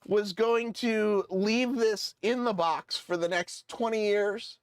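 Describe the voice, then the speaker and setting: A man with a notably high voice talks loosely on a live stream, reading a letter aloud with frequent fillers and jokey, self-deprecating asides. The sound is dry and close, with no room around it. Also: takes it slowly, clear, resonant tone, dry recording. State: voice cracking. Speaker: model railroad streamer.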